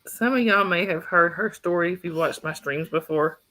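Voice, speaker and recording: A woman's voice: on the low side, normal speed, a loud crowd. A woman from North Georgia with a Southern drawl, chatting casually on a livestream from home and introducing her pets. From North Georgia, USA. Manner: chatty, laughs often, talks to her pets and child. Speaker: livestream host. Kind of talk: casual chat. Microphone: phone.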